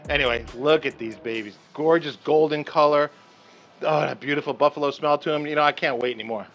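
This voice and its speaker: A man's voice: a little high, brisk, a bit bright. A man hosting his cooking vlog outdoors at a grill, chatty and enthusiastic, often checking in with "okay". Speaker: cooking show host. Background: rain and light music.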